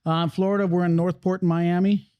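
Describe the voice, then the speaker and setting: A man's voice: high voice, little pitch movement, brisk, smooth, dry recording, dull audio. A man hosting a podcast in casual chat, rambling and swearing freely as he talks. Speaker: podcast host. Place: cigar lounge.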